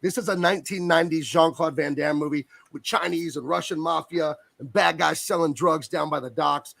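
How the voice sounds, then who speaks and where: A man's voice: fairly high pitch, fairly even intonation, a little fast, vocal fry, a bit bright, dry recording. A man who colors comics, talking enthusiastically and at length about his work as a guest on a video call. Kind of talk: casual interview chat.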